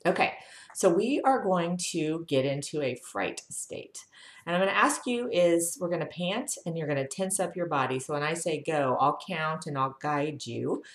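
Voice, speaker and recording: A woman with a low voice leads a health lesson, walking viewers through breathing exercises. She guides calmly and counts each breath aloud. Her voice rings in an echoey room. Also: normal speed. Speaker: health educator.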